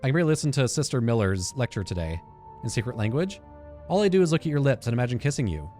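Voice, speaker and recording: A gaming channel host plays through a game and reads its letters aloud, stumbling over fillers and correcting himself, occasionally slipping into a low aside. He's a fast talker with a dark, sing-song voice, and faint music runs in the background.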